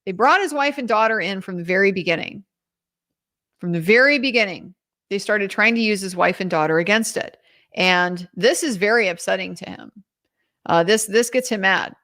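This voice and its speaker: A woman's voice: mid-range voice, fairly quick, a bit bright. A woman commentator giving an earnest, emphatic spoken recap of courtroom testimony in a casual, unscripted way. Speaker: trial commentator.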